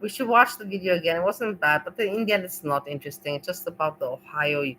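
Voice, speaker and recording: A woman's voice: fairly low pitch, quick pace, sharp tone, slight background noise, poor audio. A woman hosting a livestream, chatting casually in a rambling, emotional way and swearing freely. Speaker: livestream host.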